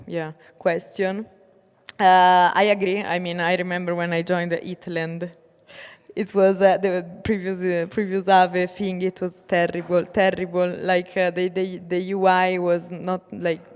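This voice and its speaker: A woman moderating a conference panel, asking her questions hesitantly with many pauses and filler words. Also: lowish voice, clear, resonant tone. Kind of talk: panel discussion. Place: conference stage. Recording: echoey conference hall.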